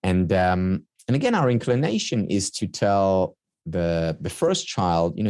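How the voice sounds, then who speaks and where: A man's voice: low-pitched, sing-song, moderate pace, a little mellow, no room sound, clean studio sound. A man speaking as an interview guest, thoughtful and hesitant, with many fillers. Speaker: guest author. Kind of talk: conversational interview.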